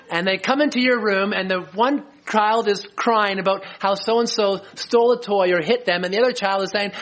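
A middle-aged man preaching a sermon as a pastor, earnest and slowing down to stress key lines. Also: high-pitched, a bit bright. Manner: earnest, slows for emphasis.

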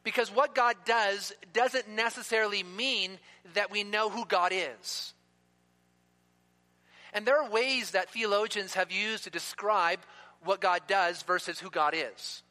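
A man preaching a sermon in an emphatic way, slowing down to stress key words. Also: high voice, sharp tone. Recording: long reverb of a hall.

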